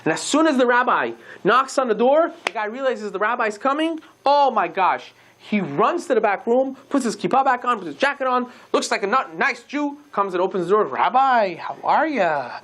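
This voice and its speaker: A woman giving a religious lecture, telling a story in an animated, conversational way with many asides. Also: fairly high pitch, fairly quick, few pauses, a little hiss or hum.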